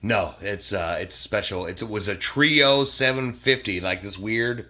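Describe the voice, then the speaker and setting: A man's voice: fairly low pitch, a little slow. A middle-aged man, a podcast guest, telling stories in casual chat and acting out the people in them. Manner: animated storyteller, acts out quoted voices, swears freely.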